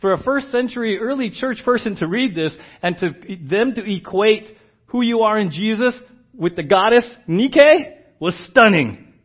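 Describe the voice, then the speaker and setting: Animated and moving at a moderate pace, a fairly high-voiced pastor starts his sermon with a casual story before turning to emphatic teaching. The recording is lo-fi and dull.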